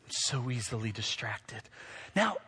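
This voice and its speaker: Man, pastor, animated sermon, husky tone, talks straight to the congregation. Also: mid-range voice, measured pace. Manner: animated preaching, swinging between loud and hushed.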